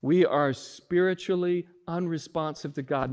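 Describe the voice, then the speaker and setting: A man preaching a sermon as pastor, with emphatic rises and drawn-out stressed words. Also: mid-range voice, darkish tone.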